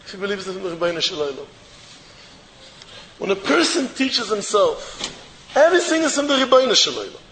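High-voiced rabbi in an echoey hall. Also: male voice, brisk, long pauses, a little hiss or hum. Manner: animated, repeats phrases for emphasis. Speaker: rabbi giving a Torah talk. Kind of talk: storytelling sermon. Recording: echoey hall with long reverb.

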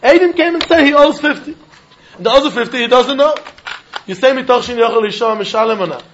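A man teaching a Talmud class, animated and questioning, mixing in Yiddish and Hebrew terms. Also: very high voice, fast, lo-fi sound, a little hiss or hum.

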